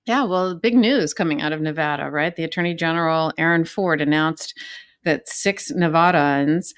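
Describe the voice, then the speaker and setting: A woman's voice: low-pitched, moderate pace, smooth, no echo. A woman from California co-hosting a legal podcast as a former prosecutor, explaining cases conversationally with frequent fillers and "right?" tags. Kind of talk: casual legal podcast chat.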